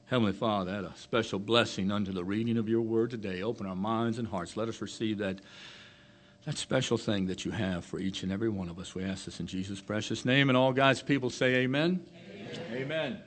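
A man preaching a sermon, slow and emphatic, rising to loud declarations and dropping to hushed phrases. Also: fairly low pitch.

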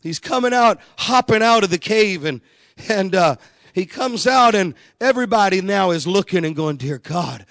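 A man's voice: high-pitched, lively intonation, moderate pace, a bit bright, dry recording, clean studio sound. A male pastor preaching a sermon and telling a story, acting out the voices of the people in it.

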